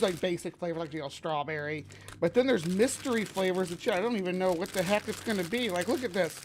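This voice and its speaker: A woman's voice: medium pitch, a little hiss or hum. Bubbly, chatty woman live-streaming. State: slightly hoarse from sinus drainage. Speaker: livestream host. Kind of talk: casual live-stream chat. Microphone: webcam setup.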